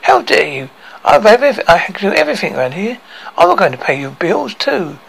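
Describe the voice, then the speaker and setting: A man reading a storybook aloud and voicing an indignant young woman who yells and complains in a high, shrill put-on voice. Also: very animated, normal speed, gravelly, exaggerated voice, low-quality recording. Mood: furious. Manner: shrill yelling, exasperated complaining.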